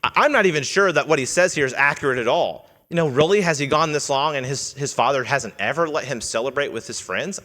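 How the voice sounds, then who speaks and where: Fast and with few pauses, a man with a fairly high, pushed, bright voice delivers an earnest teaching sermon in a church sanctuary. He asks the congregation questions and reads quoted lines in character, while the hall's long reverb trails behind.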